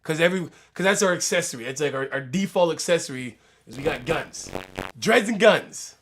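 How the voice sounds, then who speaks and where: Brief: high-pitched male host, rambling casual commentary, tags lines with "right?". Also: animated, brisk, fairly bright tone, a little hiss or hum. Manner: rambling, keeps asking "right?". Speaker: host reacting to a video.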